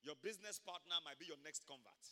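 A man pastor preaching a sermon at a church service, telling stories emphatically with sudden loud bursts. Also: a little high, animated, fast talker, in a large hall.

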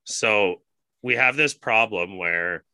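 Bright-voiced swearing podcast host. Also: male voice, on the low side, slow, clear, resonant tone, dry recording. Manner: swears often, ranting storyteller. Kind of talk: casual podcast chat.

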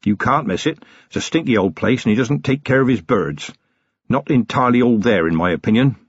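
A man's voice: mid-range voice, lively intonation, fairly quick, slightly rough, dry recording, highs cut off. A man reading the part of a wheezy publican and former copper, a sly man who talks in a coarse, grumbling way. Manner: coarse, grumbling working-class talk. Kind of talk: audiobook character reading.

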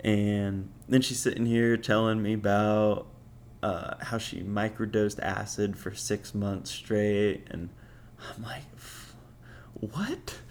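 A man's voice: lowish voice, level tone, slow, darkish tone, slight background noise. A young man casually telling dating stories as a podcast host, swearing and laughing often. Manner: profane and laughing, offhand. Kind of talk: casual storytelling.

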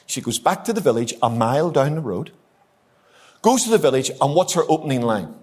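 A man's voice: mid-range voice, big pitch swings, a little fast, a little mellow. Emphatic Northern Irish man preaching. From Northern Ireland. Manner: emphatic, repetitive, rhetorical questions to the congregation. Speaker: guest preacher. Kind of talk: sermon. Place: church hall, live congregation.

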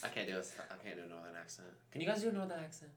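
A young woman, hosting a casual podcast chat, jokey and animated. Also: very deep voice, rapid-fire, a loud crowd. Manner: animated, jokey, trails off into laughs. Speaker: podcast host.

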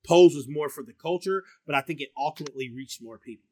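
A middle-aged man with a baritone voice, chatting casually and profanely as a podcast co-host, high and rambling with many fillers and restarts. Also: fast talker, darkish tone. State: high on marijuana. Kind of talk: casual chat.

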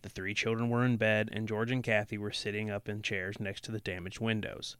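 A man's voice: on the low side, little pitch movement, fairly quick, fairly bright tone, smooth, no echo. Sarcastic man reading aloud. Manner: sarcastic, swears freely. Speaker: podcast co-host reading a book aloud. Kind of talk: casual reading with snarky asides.

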